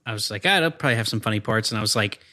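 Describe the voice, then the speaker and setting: A man's voice: fairly low pitch, lively intonation, racing, bright, forceful tone. A man co-hosting a movie podcast, talking casually with sarcastic, exasperated complaints. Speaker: podcast co-host. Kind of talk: casual movie review chat.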